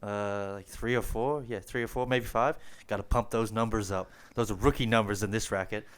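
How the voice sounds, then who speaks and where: A man voicing a cocky, smooth-talking stockbroker mentor in a slow, self-assured way. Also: fairly low pitch, fairly even intonation, voice pushed down, lightly acted.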